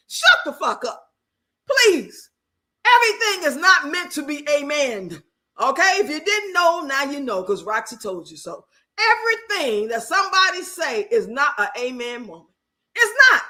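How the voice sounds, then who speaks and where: An older woman hosting a livestream in casual chat, brassy and animated, often laughing, with speech. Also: high voice. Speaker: livestream host.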